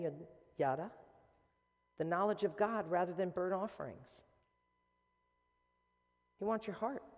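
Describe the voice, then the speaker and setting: An animated man with a Boston accent preaching to a congregation, his voice sitting a little high for a man. He acts out quoted voices along the way. The sound rings with the long reverb of a church sanctuary. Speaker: pastor. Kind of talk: sermon.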